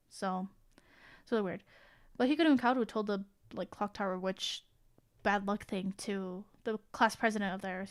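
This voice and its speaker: A young adult woman streamer in casual chat, rambling excitably and swearing freely. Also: mid-range voice, smooth.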